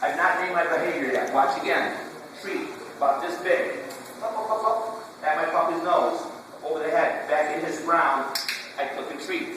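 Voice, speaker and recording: A man's voice: a little high, moderate pace. A man teaching a puppy training class, quizzing the handlers and repeating short commands in a drill-like way. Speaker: dog trainer. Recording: echoey hall, distant camera, room noise.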